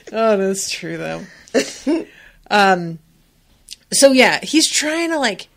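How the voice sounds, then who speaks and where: A woman's voice: medium pitch, gravelly. A woman co-hosting a podcast in casual book chat. She laughs often, swears freely and acts out quotes from the book. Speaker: podcast co-host.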